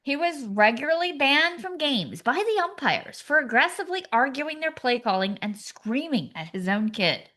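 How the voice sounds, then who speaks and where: A woman's voice: high voice, sing-song, normal speed, hardly any pauses, bright, forceful tone. A woman co-hosting a comedy podcast, sarcastic and acting out screaming parents in her jokes. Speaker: podcast co-host.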